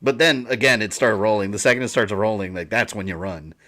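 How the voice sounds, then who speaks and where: A man's voice: fairly low pitch, a little fast, sharp tone. A man hosting a watch party, giving casual, joking commentary on an old film and laughing often.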